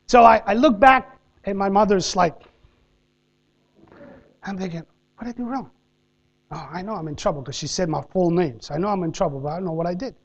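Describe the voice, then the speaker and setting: A male pastor who immigrated as a child, preaching a sermon built around a personal story. He tells the story with lively energy and drops to soft, intense tones to drive his points home. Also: high voice. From immigrant to the United States. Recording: dull lo-fi sermon recording with hum.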